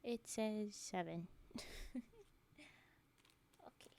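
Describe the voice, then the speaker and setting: A woman's voice: mid-range voice, very slow, creaky, a little mellow, slight background noise. A woman hosting a casual livestream, chatting with viewers, giggling often and reading poetry aloud.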